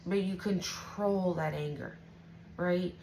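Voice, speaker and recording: A woman's voice: lowish voice, fairly even intonation, slow pace, mellow, a little hiss or hum, low-quality recording. A woman giving an intuitive tarot reading to her viewers, casual and emotional, swearing freely and often checking in with "right?". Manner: casual, profane, emotional, keeps asking "right?". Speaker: tarot reader.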